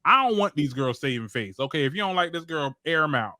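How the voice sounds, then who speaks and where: Fast-talking, emphatic man, dry sound. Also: fairly high pitch, sing-song, sharp tone, dry recording. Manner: emphatic, repeats "let's be clear". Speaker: co-host. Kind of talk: casual podcast chat.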